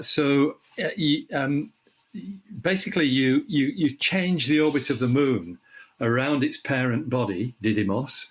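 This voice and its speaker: An older man from the UK, with a frog in his throat, explaining space science in casual chat and clearing his throat often. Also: medium pitch. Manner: thoughtful, restarts phrases, clears throat often. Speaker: astronomy guest expert.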